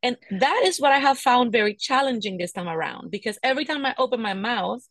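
A woman's voice: a little high, lively intonation, a little fast, a bit bright, no room sound. Podcast co-host, young pregnant woman, candid and weary, dry studio mic. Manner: emotional, venting, frequent "right?" asides. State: pregnant and tired. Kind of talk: candid casual chat.

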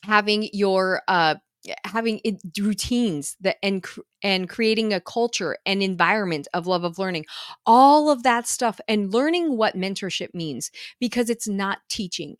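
Excitable woman gushing in a dry room. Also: mid-range voice, unhurried, dry recording. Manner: gushing, excitable, laughs often. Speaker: podcast host and homeschool mentor. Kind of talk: enthusiastic solo podcast talk.

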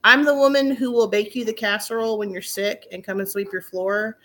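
A woman's voice: mid-range voice, fairly quick, a little hiss or hum. A middle-aged woman, telling stories in casual chat, acting out her own quotes. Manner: animated storyteller, acts out quotes, laughs often.

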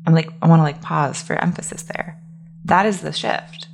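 A woman's voice: sits low, fairly even intonation, normal speed, creaky, slight background noise. A young adult woman coach hosting a solo podcast, talking casually and emphatically with frequent "like" and "right?" fillers. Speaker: business coach, podcast host.

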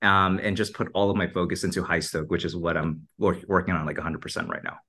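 A man's voice: low-pitched, expressive, fast talker, bright, forceful tone. A man talking as a podcast guest in a casual, upbeat way, with many "like" and "you know" fillers. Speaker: podcast guest, marketing entrepreneur. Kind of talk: casual conversational interview.

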